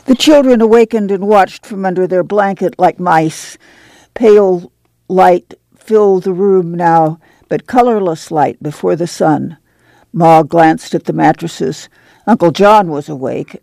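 Gravelly, mellow female narrator. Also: lowish voice, a little slow, no room sound. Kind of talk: audiobook narration.

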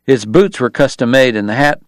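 A male audiobook narrator reads in a steady, measured way. His voice sits in a middle register. It is recorded close and dry, with no room sound. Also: mid-range voice, dry recording. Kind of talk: scripted narration.

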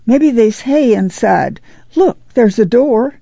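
A weary, determined farm mother as a storybook reader puts her on pushes her family onward in a voice pitched above the narration. The tone carries a gravelly rasp. The recording is dry and somewhat muffled. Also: animated, slow, mellow, no echo, heavily acted. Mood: relieved. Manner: urgent, commanding.

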